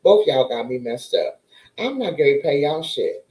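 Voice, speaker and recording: A woman tells a story in a lively, animated way, her pitch leaping up and down as she acts out each person in it. Her voice sits in a mellow, darker tone. The sound is roomy, with a noticeable echo around her. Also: normal speed. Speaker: vlogger. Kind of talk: casual storytime chat.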